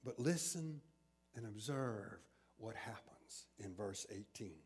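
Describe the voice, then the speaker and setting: A man preaching a sermon, reading scripture aloud and retelling it with expressive storytelling. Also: lowish voice, slow pace, slightly rough.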